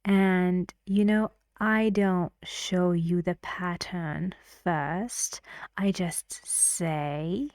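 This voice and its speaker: Slow, patient woman teaching pronunciation. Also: lowish voice, fairly even intonation, darkish tone, dry recording, clean studio sound. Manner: slow, patient, often drops to a whisper; chants stress patterns in syllables. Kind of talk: online lesson with drills.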